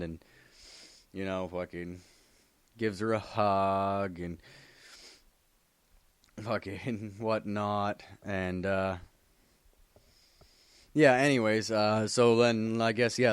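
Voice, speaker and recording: A man's voice: lowish voice, clear, resonant tone, no echo. Man rambling about comics, heavy swearing. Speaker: comic book vlogger. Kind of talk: casual chat.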